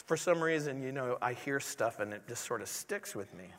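A man's voice: mid-range voice, animated, moderate pace. A man preaching a sermon as a pastor, earnest and pleading, with many rhetorical questions. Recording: long hall reverb.

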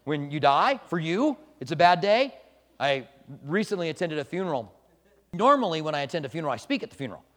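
A pastor teaching a Bible study in a conversational sermon style, moving between quiet reflection and emphatic points. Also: male voice, fairly high pitch, big pitch swings, fast. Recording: long hall reverb.

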